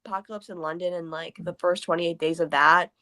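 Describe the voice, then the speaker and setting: Low-voiced woman in relaxed chat. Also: a little fast. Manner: relaxed, rambling with fillers. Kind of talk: casual livestream chat.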